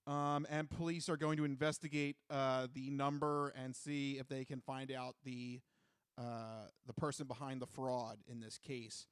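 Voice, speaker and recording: A man's voice: mid-range voice, level tone, unhurried, smooth, dry recording, studio quality. A man co-hosting a podcast in casual chat, easygoing, recapping a news story with many fillers. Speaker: podcast co-host.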